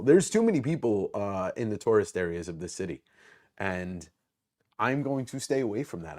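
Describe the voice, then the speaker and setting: A man hosting a casual live stream, rambling and self-mocking as he greets viewers in the chat by name. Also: low voice.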